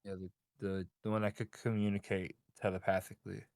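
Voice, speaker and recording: A man's voice: low-pitched, flat delivery, a little fast, gravelly, a little mellow, dry recording, clean studio sound. A man co-hosting a podcast, explaining plot points and tossing in joking asides. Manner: jokey, throws in wisecracks. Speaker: podcast co-host. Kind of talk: casual chat.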